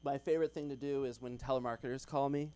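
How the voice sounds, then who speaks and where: A man's voice: mid-range voice, fairly even intonation, fast, darkish tone, clear, resonant tone, no echo. A young man doing open mic stand-up in a comedy club, chatty with lots of ums and little laughs.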